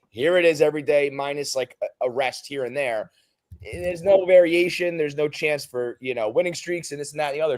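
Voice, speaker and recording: A man co-hosting a sports podcast, talking in an excitable, rambling way as a fan. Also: medium pitch. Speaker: podcast co-host. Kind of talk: casual sports chat.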